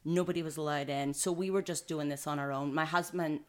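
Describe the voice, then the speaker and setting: A woman who is a mother of triplets tells her personal story as a podcast guest in casual conversation. She sounds earnest and acts out the voices of the people she quotes, and her low voice is steady and brisk.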